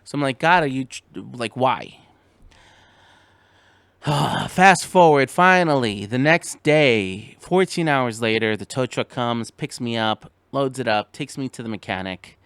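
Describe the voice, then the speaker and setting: A man hosting a podcast relays a road-trip mishap in an animated, stammering storytelling voice that shoots upward whenever he gets exasperated. His pitch sits in an ordinary middle range. The sound is dry and close, with no room in it. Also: a little slow, few pauses, clear, resonant tone, dry recording. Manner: animated, stammering restarts, voice jumping up when exasperated. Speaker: podcast host. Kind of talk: casual storytelling.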